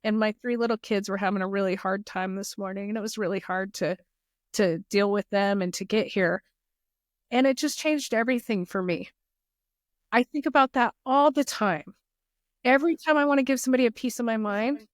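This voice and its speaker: A woman's voice: fairly high pitch, dry recording, clean studio sound. A middle-aged woman speaking as a guest in a podcast interview, telling personal stories in an earnest, heartfelt way. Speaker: guest, foundation leader.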